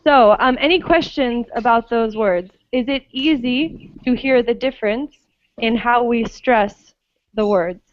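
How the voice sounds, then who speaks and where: A woman's voice: on the high side, no echo, muffled recording. A woman teaching an online English pronunciation class, patiently checking that students follow. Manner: slow, patient, checks understanding often.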